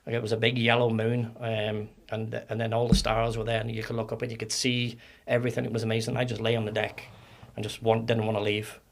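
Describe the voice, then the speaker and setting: Middle-aged Northern Irish man, guest storyteller; flat, gravelly, halting recall. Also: lowish voice, a little hiss or hum. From Northern Ireland. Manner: halting, repeats words as he recalls. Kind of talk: casual interview storytelling.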